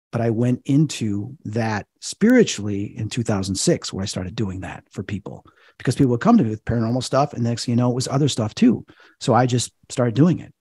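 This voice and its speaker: A man's voice: medium pitch, mellow, breathy edge, dry recording, studio quality. A man as an interview guest, retelling events animatedly and acting out the dialogue. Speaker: psychic medium guest. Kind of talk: interview storytelling.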